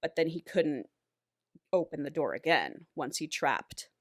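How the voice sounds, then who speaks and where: A woman's voice: low voice, sing-song, measured pace, a little hiss or hum. A woman co-hosting a podcast, casually retelling a book's plot and acting out its lines, with plenty of swearing and "like". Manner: swears freely, says "like" often. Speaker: podcast co-host. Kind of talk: casual book recap chat.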